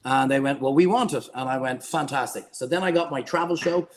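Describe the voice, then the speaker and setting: Fast-talking Irish man telling stories. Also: medium pitch. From Ireland. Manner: animated, rambling anecdotes. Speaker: guest chef. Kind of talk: casual storytelling interview.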